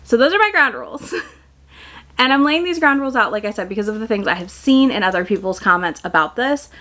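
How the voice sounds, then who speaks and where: A woman's voice: on the high side, lively intonation, fast, bright, forceful tone. A woman making a commentary video, talking candidly and firmly, setting ground rules and then laying out a timeline. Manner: firm, candid, chatty with fillers. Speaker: book YouTuber.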